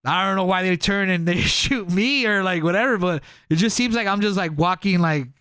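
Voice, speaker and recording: A man's voice: high-pitched, fairly quick, pushed and bright, smooth, dry recording, clean studio sound. Rambling young man telling a wild tale. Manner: rambling, heavy filler and profanity, acts out quotes. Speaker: podcast co-host. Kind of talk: casual storytelling.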